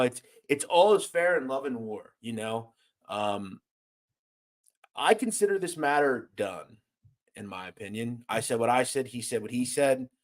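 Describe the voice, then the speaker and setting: A man hosting a casual livestream, reading viewer comments aloud and joking around. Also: medium pitch. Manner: loose, joking, swings from loud to mumbled asides. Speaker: host.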